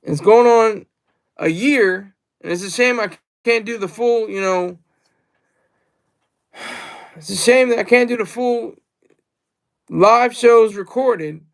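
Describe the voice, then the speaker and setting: A man's voice: sits high, slow, creaky, pauses often. A man rambling through a casual livestream monologue, repeating himself and reading out the chat. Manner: rambling and repetitive, reads chat aloud.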